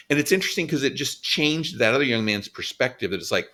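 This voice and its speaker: A man's voice: mid-range voice, animated, quick pace, few pauses, fairly bright tone. A man co-hosting a podcast, reflecting earnestly in casual conversation and sharing his own experiences. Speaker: podcast co-host.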